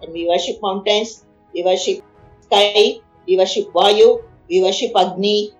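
A woman's voice: medium pitch, steady tone, unhurried, reverberant, muffled recording, soft background music. A woman retelling an epic story in conversation, explaining each verse and acting out the figures' words. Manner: explains verses line by line, acts out figures' pleas.

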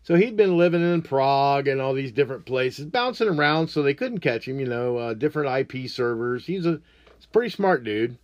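Profane, animated man ranting. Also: mid-range voice, fairly quick, no echo, highs cut off. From United States. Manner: blunt, crude, mocking, animated. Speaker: podcast host. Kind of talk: profane political rant.

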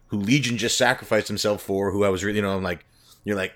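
Animated, rambling young man. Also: lowish voice, quick pace. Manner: rambling, animated storytelling with fillers and laughs. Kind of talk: casual chat.

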